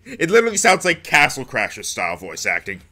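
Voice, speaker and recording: A man's voice: mid-range voice, huge pitch swings, fairly quick, bright, forceful tone. A man reading game text aloud and cracking jokes between the lines as he plays. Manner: joking asides between dramatic narration. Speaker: let's play host.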